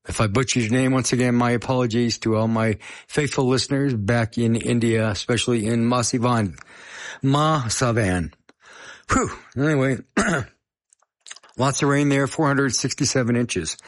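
A middle-aged man hosting a radio show, chatting casually between songs with rambling, self-deprecating asides. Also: medium pitch.

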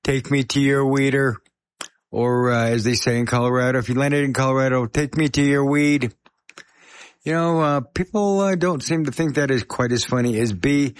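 A man hosting a radio music show, talking casually in a scratchy, hoarse voice while fighting a chest cold and coughing now and then. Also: medium pitch, moderate pace. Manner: chatty, self-deprecating, apologetic.

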